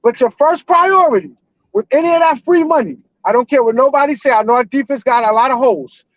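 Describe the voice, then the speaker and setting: Man in his 40s, very high voice, loud emotional profane rant, dry muffled call audio. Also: quick pace, no room sound. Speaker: caller. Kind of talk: heated fan rant on a live call-in show.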